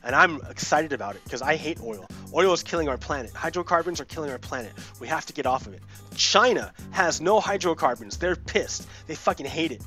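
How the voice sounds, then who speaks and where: A man's voice: on the high side, expressive, fairly quick, bright, forceful tone, faint music behind. A man hosting a gaming video, ranting heatedly about politics with lots of swearing and repetition. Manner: heated, profane, repeats himself. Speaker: let's play host. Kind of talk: casual political rant while gaming.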